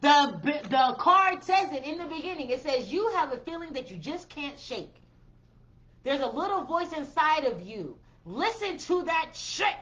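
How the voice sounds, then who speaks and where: High-pitched woman doing a tarot reading, cusses a lot, blunt and pushy, kinda dull lo-fi audio. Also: sing-song, measured pace, fairly bright tone. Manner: blunt, profane, emphatic, repeats commands. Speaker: tarot reader.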